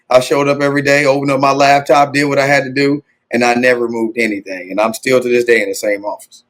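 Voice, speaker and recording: A man in his thirties, an assistant basketball coach, telling stories casually and acting out quotes with big jumps in pitch. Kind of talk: casual storytelling interview.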